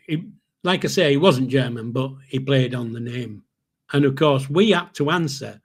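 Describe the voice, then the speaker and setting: A man's voice: mid-range voice, normal speed, husky. An older man hosting a podcast, telling stories in a casual, rambling way with restarts and chuckles. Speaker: podcast host. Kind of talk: casual storytelling.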